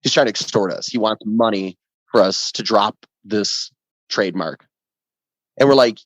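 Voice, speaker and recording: A man who plays in a ska band, a guest in a casual podcast interview, telling an animated story that is often profane. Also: lowish voice, moderate pace, no echo. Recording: dull lo-fi sound, dry.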